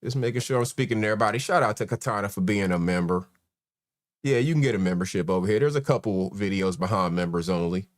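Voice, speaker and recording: A man's voice: on the low side, quick pace. Host, man, 40s, laid-back live-stream chat, greets viewers by name.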